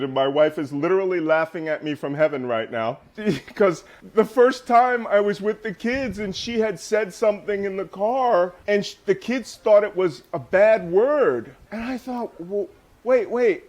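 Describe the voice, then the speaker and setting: A man guest in a casual interview, telling lively stories and laughing often. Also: high voice. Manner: animated storyteller, laughs often.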